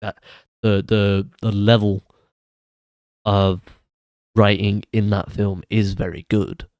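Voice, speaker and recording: A man's voice: lowish voice, no room sound. A man giving casual solo commentary on film awards, hesitant and full of restarts and fillers. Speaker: film reviewer.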